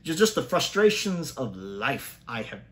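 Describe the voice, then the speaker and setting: A man giving a casual spoken review of a TV episode, opinionated and thinking aloud, often restarting and jumping up in pitch to stress a point. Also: very animated, unhurried, fairly bright tone.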